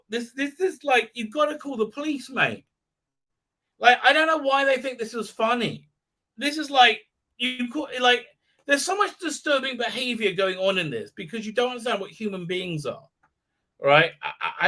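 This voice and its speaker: A man's voice: extremely high pitch, animated, moderate pace, pushed and bright. A man recapping a show on a live stream, mocking it and acting out the characters in silly voices, with many fillers.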